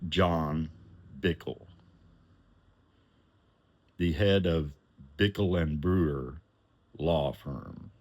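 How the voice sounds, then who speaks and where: A man telling a personal story in an animated way, acting out the voices of the people in it and chuckling now and then. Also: rumbling low, drawn-out words, pauses often.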